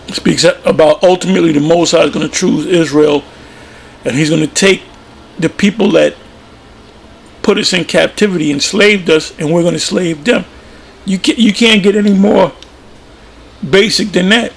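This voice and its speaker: A man's voice: sits high, moderate pace, gravelly, pauses often, breathy edge. A man giving informal religious commentary, plain-spoken and emphatic, often repeating himself. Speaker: preacher.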